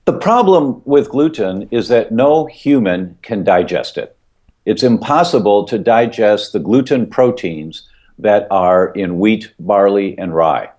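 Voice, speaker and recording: A man's voice: lowish voice, lively intonation, a little slow, a little mellow. A middle-aged man, a guest expert on a podcast, explains points emphatically, repeating key ideas and using vivid analogies.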